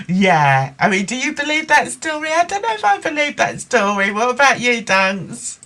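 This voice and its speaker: A woman's voice: mid-range voice, expressive, takes it slowly, fairly bright tone. A woman hosting a livestream, reading out viewer comments and reacting with heated, impassioned talk about a case. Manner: impassioned, heated, talks as a mother. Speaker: livestream host.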